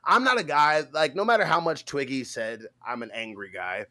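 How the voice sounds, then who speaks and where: A man co-hosting a live stream in loose, casual banter. His voice is bright and sits a bit high for a man. He talks loudly and can break into shouted rants. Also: moderate pace. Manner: loud, swings into shouted rants. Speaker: co-host of a live stream show.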